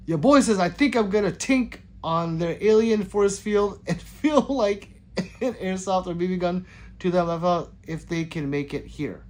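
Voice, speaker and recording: A man hosting a casual livestream, rambling and joking as he reads viewer comments aloud. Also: high voice. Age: adult with children. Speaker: livestream host reading chat.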